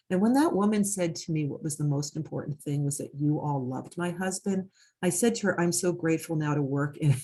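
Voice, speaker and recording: Woman, hospice worker, low husky voice, earnest and reflective storyteller with lots of fillers. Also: darkish tone. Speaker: hospice worker and host of conversation. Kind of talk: storytelling in a conversation.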